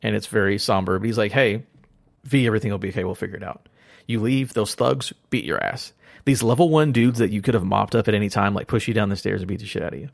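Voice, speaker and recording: A man with a lowish, gravelly voice talks fast in a casual podcast chat, retelling a story and slipping into quoted lines as he goes. The recording is dry and close, with no room sound. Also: dry recording. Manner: rambling retelling of a game plot, quoting characters. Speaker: podcast guest.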